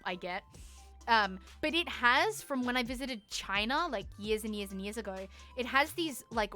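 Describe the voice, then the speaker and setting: High, bright-voiced young woman streamer. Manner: animated, profanity-laced, laughs through the story. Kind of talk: casual storytelling to stream chat.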